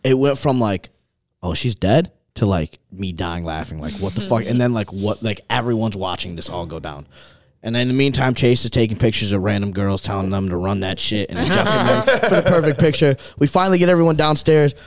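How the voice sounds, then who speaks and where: A young man spins a wild night-out story with a voice that swoops all over the place, rising high and dropping low. He swears freely and laughs through his own tales in a loose, casual way. The sound is dry and close, with no room echo around him. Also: fairly quick. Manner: animated, profane, laughs through his stories.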